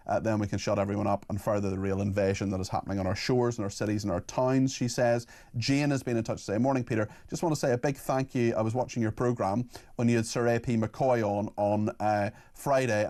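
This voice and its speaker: A man hosting a radio phone-in, talking quickly with frequent restarts. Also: medium pitch, a little mellow. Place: radio studio.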